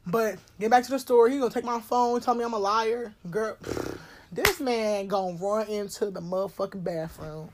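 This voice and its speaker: A woman, telling a personal story in a blunt, animated way, swearing and laughing often. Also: mid-range voice, normal speed, background noise. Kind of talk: casual storytime chat.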